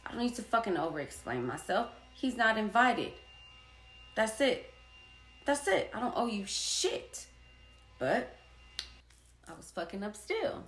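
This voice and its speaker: A woman's voice: medium pitch, very animated, unhurried, long pauses, fairly bright tone, a little hiss or hum. A woman in her thirties, an artist and poet, telling a personal story in a blunt, profane way and hammering her points with repetition. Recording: echoey room.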